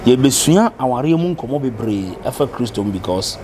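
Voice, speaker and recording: A man's voice: mid-range voice, lively intonation, moderate pace, a little mellow, slight background noise. A man with a Ghanaian accent hosting an interview, giving brief acknowledgments and asking probing questions. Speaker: interview host.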